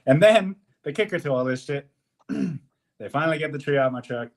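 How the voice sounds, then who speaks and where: A man's voice: fairly high pitch, moderate pace, a little hiss or hum. A young man on a podcast, casually telling a work story with heavy swearing and laughter. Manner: animated, swears a lot, laughs through the story. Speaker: podcast co-host.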